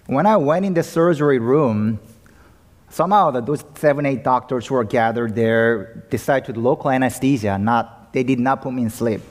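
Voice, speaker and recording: A man preaching a sermon as pastor, emphatic, moving between raised and hushed delivery. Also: medium pitch, big-room sound. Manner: emphatic, swings from loud to hushed. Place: church sanctuary.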